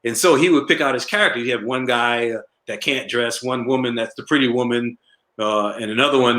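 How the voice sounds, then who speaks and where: A middle-aged male comedian tells stories in a casual interview, animated and laughing at his own jokes. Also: mid-range voice, fast. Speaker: comedian guest. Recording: roomy echo.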